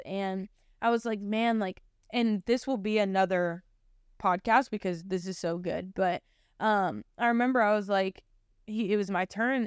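A woman's voice: mid-range voice, smooth, no room sound, clean studio sound. A young woman in her twenties hosting a podcast and telling a personal faith testimony in a rambling, chatty way, full of fillers and earnest feeling. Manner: rambling, filler-heavy storytelling; earnest and emotional. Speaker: podcast host. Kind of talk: personal testimony, casual chat.

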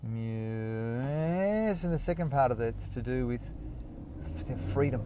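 An Australian man hosting a casual solo podcast, rambling and self-mocking, with sudden excited bursts. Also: mid-range voice, takes it slowly, a little hiss or hum. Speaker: podcast host.

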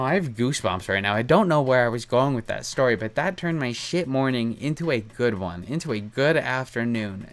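A young man hosting his own podcast in a loose, unscripted chat. His voice sits at an ordinary middle pitch for a man. He wanders from point to point in a candid way and breaks into laughs now and then. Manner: rambling, candid, laughs often. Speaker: podcast host. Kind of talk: casual solo podcast chat.

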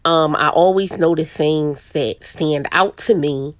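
A woman's voice: deep voice, slow pace, dry recording. A middle-aged woman hosting a podcast, chatting in a casual solo monologue, full of "you know" and restarts. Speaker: podcast host. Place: quiet spot with birds outside.

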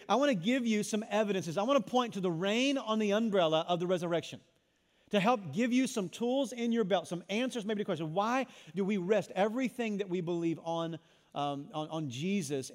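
A pastor preaching a sermon to his congregation, swinging between loud emphatic lines and hushed ones. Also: sits high, long reverb tail. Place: church sanctuary.

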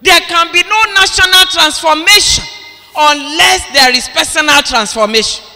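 A man preaching a sermon in an impassioned way, often breaking into shouts. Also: very high-pitched, normal speed. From Nigeria. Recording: long hall reverb.

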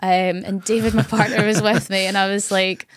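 A young woman with a Scottish Highlands accent tells a story with lots of energy and frequent laughs. Her voice is mid-pitched and sounds dry and close to the mic. It is casual podcast talk. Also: normal speed, dry recording. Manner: animated storytelling, laughs often. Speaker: radio presenter guest.

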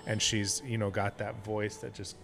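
A man's voice: fairly low pitch, level tone, normal speed, vocal fry. A man in casual podcast talk, candidly telling a personal story with frequent swearing and restarts. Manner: candid and profane, many restarts. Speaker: guest.

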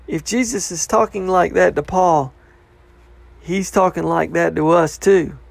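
A man's voice: a little high, gravelly, no echo. Earnest man reading and explaining scripture. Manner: earnest, reflective, drops to a hushed voice. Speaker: Bible teacher.

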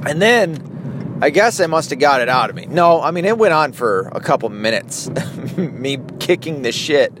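A man's voice: on the high side, animated, normal speed. Rambling, cussing man with street noise. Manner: profane, rambling, laughs often through his story. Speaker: vlogger, father of an eight-year-old. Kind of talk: casual storytelling vlog. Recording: clear traffic and street noise.

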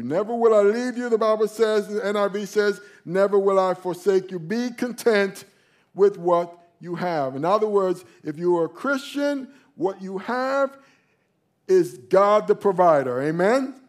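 A male pastor preaching a sermon, emphatic, slowing down and leaning on key phrases. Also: high-pitched, darkish tone.

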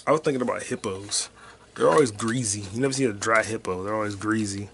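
A man hosting a solo podcast, rambling loosely and profanely, with sudden loud excited bursts. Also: fairly low pitch, quick pace, vocal fry, a little hiss or hum. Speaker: podcast host and stand-up comic.

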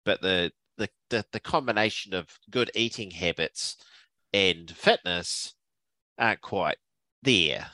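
A man's voice: deep voice, takes it slowly, sharp tone, no echo. A man with a New Zealand accent, co-hosting a podcast in casual chat, rambling with many fillers and restarts. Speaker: podcast co-host.

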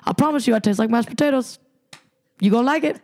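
A woman's voice: a little high, fast, a little mellow. A young adult woman co-hosting a podcast, trading crude, mocking jokes in brash, profane banter. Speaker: podcast co-host.

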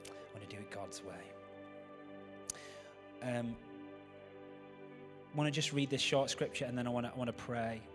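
Pastor, male, mid-pitched, conversational sermon with jokes, faint music behind. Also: normal speed, long pauses. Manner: chatty, joking asides to the congregation.

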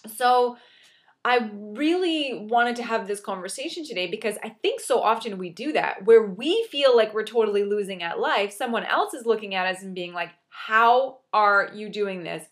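A woman's voice: mid-range voice, lively intonation, moderate pace. A young adult woman giving an earnest, encouraging motivational monologue, repeating key phrases for emphasis. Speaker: motivational speaker.

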